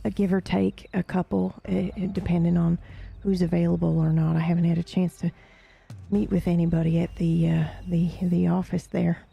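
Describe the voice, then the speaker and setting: Woman, streamer, western role-play game, nervous halting talk, creaky voice. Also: fairly low pitch, flat delivery, dull audio. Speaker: streamer playing a paranormal investigator.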